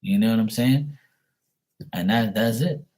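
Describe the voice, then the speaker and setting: A man's voice: fairly low pitch, measured pace, darkish tone. Blunt, profane man ranting. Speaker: psychic livestream host. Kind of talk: casual livestream talk.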